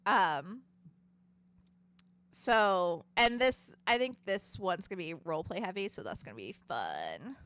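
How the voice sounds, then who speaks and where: Bright, lively woman streamer chatting. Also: lowish voice, measured pace, no room sound. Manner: chatty, swears freely, laughs often. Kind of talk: casual gaming commentary.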